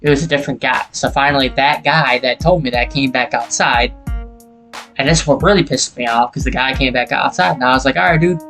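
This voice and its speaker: A man's voice: medium pitch, fairly quick, pushed and bright, soft background music. A young man hosting a gaming channel, casually telling a heated, profane, rambling story over gameplay.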